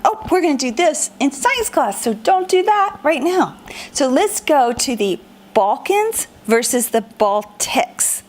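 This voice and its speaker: A woman teaching a children's lesson in a playful, animated, sing-song way. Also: high-pitched. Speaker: homeschool teacher.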